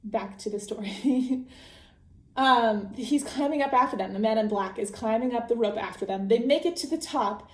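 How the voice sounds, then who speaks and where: A woman's voice: a little high, moderate pace, a little mellow, reverberant. A young adult woman hosting a podcast, chatting casually through a book recap, laughing often and full of fillers. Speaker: podcast host.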